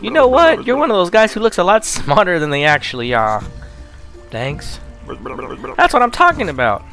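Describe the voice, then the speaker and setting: A man voicing a sassy, mocking male talking skull in a loud, high voice. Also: sing-song, normal speed, soft background music. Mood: bossy.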